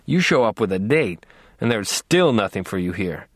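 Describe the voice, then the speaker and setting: A man's voice: on the low side, sing-song, moderate pace, husky, no room sound, clean studio sound. A man voicing a blunt, matter-of-fact male coworker who speaks broken English.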